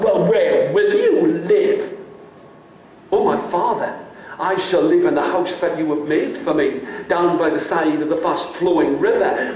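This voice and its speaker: A man voicing a calm, proud young hero. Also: sits high, far from the mic, slight background noise. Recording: echoey room.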